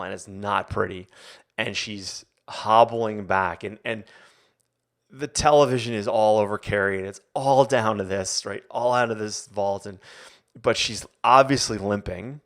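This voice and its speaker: A middle-aged man, a coach and former Olympian, hosting a casual live Q&A and telling an animated story, often checking in with "right?". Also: lowish voice. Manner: animated storyteller, acts out quotes, frequent "right?".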